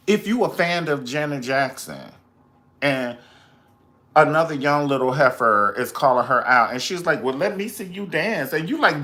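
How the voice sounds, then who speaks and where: A man hosting a casual pop culture commentary, profane and dramatic, breaking into high squeals when he quotes people. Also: expressive, normal speed, bright, forceful tone. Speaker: host.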